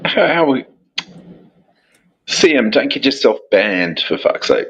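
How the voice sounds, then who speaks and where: Husky Australian man on a dull line. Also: medium pitch, sing-song, unhurried, fairly bright tone. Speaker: chat guest. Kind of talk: casual live chat.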